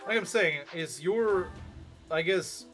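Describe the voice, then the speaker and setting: A man's voice: sits high, slow, fairly bright tone, faint music behind. A man streaming a game, chatting casually and arguing as he answers chat comments.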